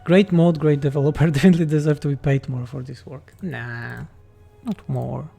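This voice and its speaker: A man's voice: a little high, fairly even intonation, normal speed, gravelly, dark tone, soft background music. A man from Poland with a Polish accent, a game mod developer reading chat questions aloud and answering them bluntly and jokingly on a livestream.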